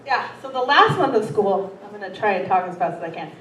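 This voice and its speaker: A woman's voice: medium pitch, lively intonation, brisk, distant mic. A woman performing a profane, self-deprecating stand-up set in a comedy theater, laughing through her stories. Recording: roomy hall, heard from afar, noisy.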